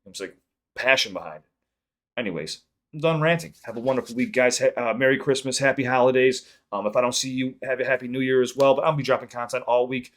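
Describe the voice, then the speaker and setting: A man's voice: mid-range voice, quick pace, a bit bright. A man hosting a music reaction channel, talking in a rambling, earnest way, swearing freely and stumbling over repeated words. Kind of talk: casual reaction vlog talk.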